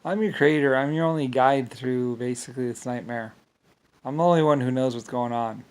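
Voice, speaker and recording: Man, mid-pitched voice, rambling monologue, agitated, profane, stumbling restarts. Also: brisk, clear, resonant tone.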